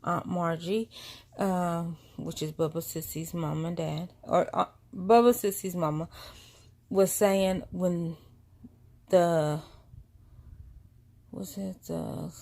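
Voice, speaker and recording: A woman's voice: on the low side, fairly even intonation, slow, vocal fry, long pauses, darkish tone. A woman vlogger, telling a family story in a casual, rambling way with many asides. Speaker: vlogger and mother.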